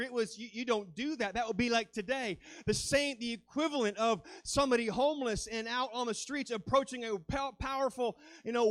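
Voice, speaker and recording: A man's voice: extremely high pitch, a bit bright, no echo. A man preaching a sermon as a guest speaker, fervent and dramatic, rising and falling as he acts out quoted lines.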